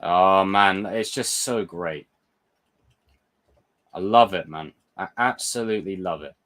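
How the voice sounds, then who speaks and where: A young man hosting a live chat, excitable and swearing, answering viewer comments. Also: deep voice, takes it slowly. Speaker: livestream host reviewing a TV episode. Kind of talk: casual live reaction chat.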